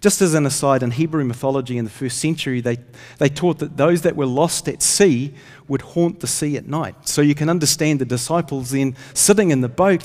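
Preaching in a slightly high, somewhat mellow voice, a man tells earnest stories from the pulpit and rises in pitch as he reads scripture. He is a pastor, recorded with long reverb from a hall.

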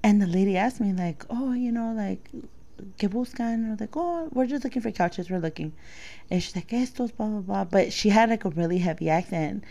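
Woman, 30s, podcast co-host, mid-pitch, casual storyteller, quick to laugh. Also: lively intonation, vocal fry, mellow. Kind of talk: casual chat.

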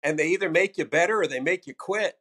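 This older American stand-up comedian, speaking a little high, fast and slightly rough, tells loose, salty stories from his career in a casual interview. His profane anecdotes come alive with animated quoted voices.

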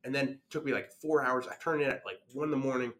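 A young man on a podcast telling a school story in a casual, animated way, laughing as he goes. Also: mid-range voice, fast talker. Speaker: podcast guest.

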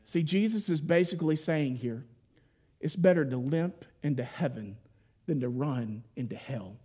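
A man preaching a sermon, telling the story in a folksy, playful way with voiced asides, then dropping to a hushed, solemn tone at key points. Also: fairly high pitch, normal speed, husky.

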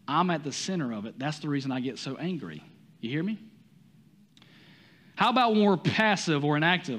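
Man, Southern US accent, pastor, conversational sermon, rhetorical questions, somewhat high voice.

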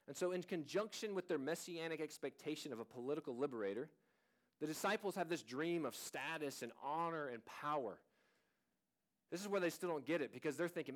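A man's voice: fairly high pitch, expressive, fairly quick. A man in his thirties preaching a sermon as a pastor, in an earnest, conversational way, often restarting his sentences.

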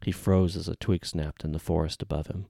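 A man narrating an audiobook in a very low, gravelly voice. His tone is dark and mellow, read steadily and evenly. The sound is dry and close. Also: steady tone, brisk, dry recording.

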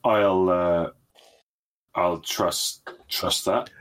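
A man's voice: sits low, steady tone, very slow, fairly bright tone. A man co-hosting a podcast in casual chat, wry and dry, swearing now and then. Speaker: podcast co-host.

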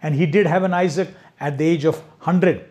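High-voiced man preaching with animated storytelling. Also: moderate pace. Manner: earnest, animated storytelling with acted-out pleas. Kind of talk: sermon.

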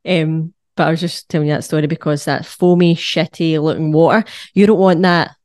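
A woman's voice: low-pitched, a little fast, dry recording, studio quality. Sweary, jokey woman. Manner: sweary, jokey, animated with sung asides. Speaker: podcast host, wellness coach. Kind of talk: casual solo podcast talk.

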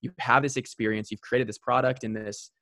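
A man's voice: medium pitch, flat delivery, fairly quick, pushed and bright, no echo, studio quality. A man hosting a podcast, affirming and enthusiastic in casual interview chat. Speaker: podcast host.

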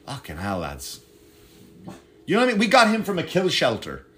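A man's voice: on the high side, huge pitch swings, normal speed, bright, forceful tone, a little hiss or hum. A man who does stand-up comedy, talking casually to camera in a digressive, profane way, with frequent false starts. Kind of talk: casual rambling monologue to camera.

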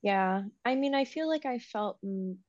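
A woman in her twenties in casual, reflective conversation, soft-spoken and quick to laugh. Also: medium pitch, expressive, dry recording. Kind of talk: casual chat. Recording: dry, slightly dull sound.

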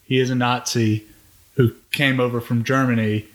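A man co-hosting a podcast, talking about a TV series in a measured, even-handed way, often restarting his sentences. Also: mid-range voice. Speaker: podcast co-host. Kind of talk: casual chat reviewing a TV series.

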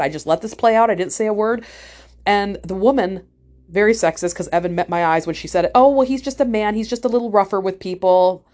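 A woman's voice: on the low side, a little mellow. A woman telling a story in a casual vlog, blunt and profane, acting out the people she talks about. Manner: blunt, profane, acts out other people's voices.

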